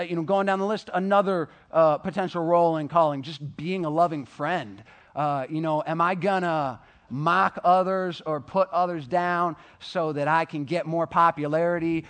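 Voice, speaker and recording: High-voiced young man preaching to teens. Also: fairly bright tone. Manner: casual, many fillers, acts out quoted voices. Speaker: youth speaker. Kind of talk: sermon to high school students.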